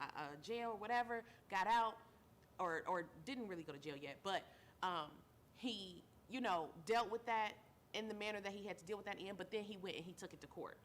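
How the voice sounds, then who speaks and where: A weary woman host speaks earnestly to her listeners at a middle pitch, building her points through repetition. A faint hum of noise sits beneath her voice. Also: fairly bright tone. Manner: earnest, repeats phrases for emphasis, calls listeners baby. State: tired. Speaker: show host; mother. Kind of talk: heartfelt talk-show monologue.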